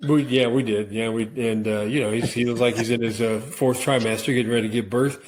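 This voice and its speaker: A man's voice: mid-range voice, steady tone, brisk, slight background noise. Joking middle-aged American man co-hosting. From United States. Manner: blunt, joking, trails off and repeats words. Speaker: radio podcast co-host. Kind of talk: casual banter.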